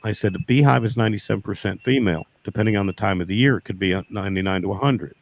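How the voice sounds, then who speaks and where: A man's voice: fairly low pitch, rapid-fire, gravelly. Folksy man telling a bee story. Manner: folksy, repeats "I said" in quoted dialogue. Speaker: beekeeper guest. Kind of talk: casual storytelling.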